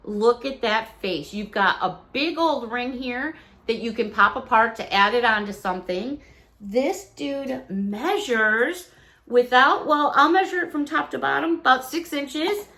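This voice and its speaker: A woman's voice: fairly high pitch, a little slow, sharp tone. A middle-aged woman vlogger chatting casually and cheerfully as she unboxes a haul, exclaiming over each item.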